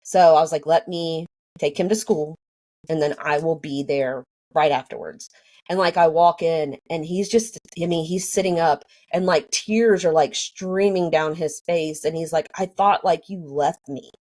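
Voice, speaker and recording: A woman's voice: low voice, fairly even intonation, moderate pace, a little mellow. A woman telling her own story casually, rambling with many fillers and acting out what people said. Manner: rambling, lots of fillers, acts out quoted dialogue.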